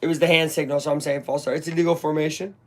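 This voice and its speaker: A man's voice: on the high side, little pitch movement, rapid-fire. A man giving live play-by-play commentary on a game as a fan, talking in a casual, rambling way and openly voicing his frustration. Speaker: fan watch-along commentator.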